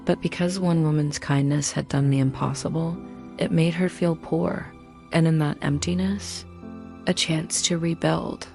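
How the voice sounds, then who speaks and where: Woman, dramatic story narration, punchy short lines, gravelly low voice, faint music behind. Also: a little mellow.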